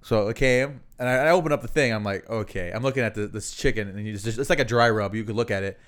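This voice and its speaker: A man co-hosting a casual podcast, speaking in a smooth, clean voice. He talks in a loose, rambling way, with lots of fillers and swearing as he tells his story. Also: on the low side, fast, fairly bright tone. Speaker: podcast co-host.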